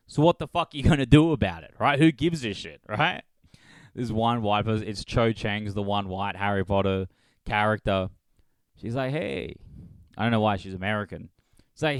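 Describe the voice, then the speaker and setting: A man's voice: fairly high pitch, fairly bright tone, no room sound. Crude, sarcastic young man ranting solo. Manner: crude, sarcastic, mocking impressions. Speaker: podcast host. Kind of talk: solo comedic rant.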